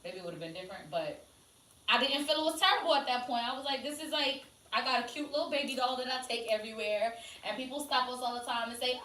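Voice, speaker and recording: A woman in casual chat, spinning animated stories and swearing freely. Her voice is bright and sits a little high. She sounds set back from the mic in an echoey room. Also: fast, distant mic. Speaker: podcast co-host.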